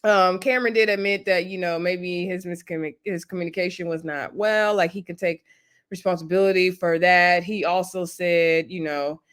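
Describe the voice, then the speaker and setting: A woman's voice: fairly low pitch, fairly even intonation, moderate pace, clean tone. Chatty woman recapping a show. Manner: chatty storytelling, acts out quoted lines. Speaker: reality TV recap vlogger. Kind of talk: casual episode recap.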